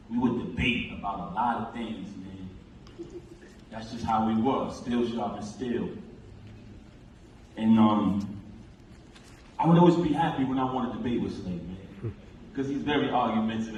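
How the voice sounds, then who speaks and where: A man's voice: lowish voice, a little mellow. A man giving an impassioned, emphatic eulogy at a memorial, recounting talks with his late friend, speaking in a large theater hall. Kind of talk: memorial speech. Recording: echoey hall, distant pickup, faint noise.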